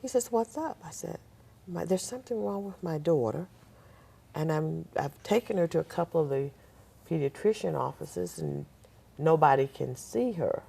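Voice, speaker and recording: A woman's voice: sits low, expressive, moderate pace, creaky, mellow, husky. An older woman, a guest on a talk show, telling a personal story and acting out the voices of the people in it.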